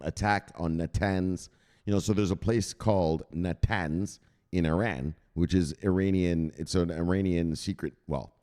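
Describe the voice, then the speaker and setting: A man hosting a crypto news channel, talking casually over a chart, swearing freely and mocking imagined viewers. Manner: animated, swears freely, mocks imagined viewers in a high squeaky voice.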